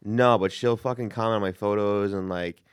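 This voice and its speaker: A man's voice: lowish voice, fairly even intonation, moderate pace, clean tone, no room sound, clean studio sound. A man, a guest comedian, joking with the host in a blunt, teasing way and swearing casually.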